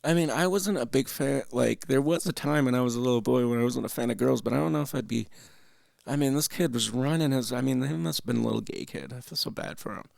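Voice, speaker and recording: A man's voice: medium pitch, fast, creaky, darkish tone, dry recording, studio quality. A man from Canada hosting, giving casual, rambling, profane reaction commentary with laughing asides at a home desk mic. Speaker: host.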